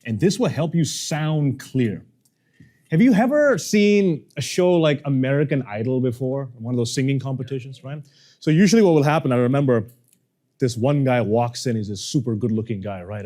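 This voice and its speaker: A man's voice: medium pitch, moderate pace. A man coaching a workshop audience on how to speak, acting out the people he quotes. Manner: animated, acts out quoted people. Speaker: communication coach. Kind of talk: workshop lesson.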